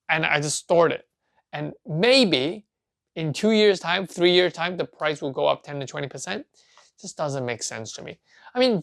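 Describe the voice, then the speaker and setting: Chatty video host with a gravelly voice. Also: medium pitch. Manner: chatty, asks and answers own questions. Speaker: collecting channel host. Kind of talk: casual talk to camera.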